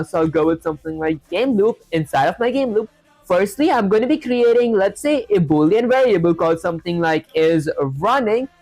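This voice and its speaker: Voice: mid-range voice, darkish tone, dry recording, poor audio. Chatty live coder narrating each step. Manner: talks through each step, leans on "honestly" and "that said". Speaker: streamer learning to code live. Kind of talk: live coding stream, reading chat aloud.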